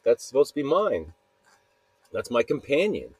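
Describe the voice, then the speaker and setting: A man voicing a lonely, pushy male monster who pleads in a halting, wheedling way. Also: medium pitch, wildly swooping pitch, a little mellow, breathy edge, dry recording, voice pushed up, full character voice. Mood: eager. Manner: wheedling, halting, casual retelling.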